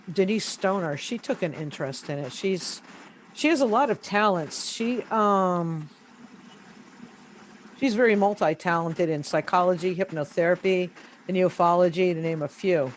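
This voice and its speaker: A woman interview guest on a video call, telling her own story in casual speech, hesitant and halting, repeating words as she searches for them. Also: fairly low pitch, a little hiss or hum, low-quality recording. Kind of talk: casual first-person storytelling.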